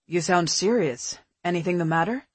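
A woman narrator voicing a calm, caring adult man in an audiobook, speaking steadily and methodically. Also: on the low side, moderate pace, breathy edge, no echo, voice pushed down. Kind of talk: audiobook character voice.

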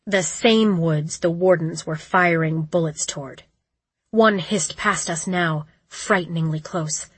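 A woman narrating a first-person audiobook with a measured, tense storytelling delivery. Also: lowish voice, husky, no echo.

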